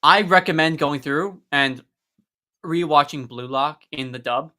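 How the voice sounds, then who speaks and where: A man hosts a casual live stream chat with an eager, talkative manner. His voice is bright and ringing, and he goes into long explanations. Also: fairly high pitch, unhurried. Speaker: host.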